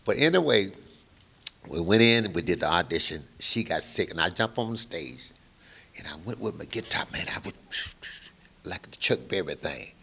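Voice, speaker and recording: An older man telling a long story in an interview, animated and acting out the other people's lines. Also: low voice, moderate pace, gravelly, husky. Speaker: guest musician.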